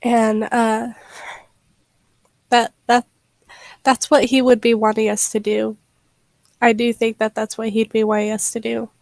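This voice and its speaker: Soft, slow-talking young woman streamer. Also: on the high side, level tone, creaky, no room sound. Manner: halting, soft-spoken, many fillers. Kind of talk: casual livestream chat.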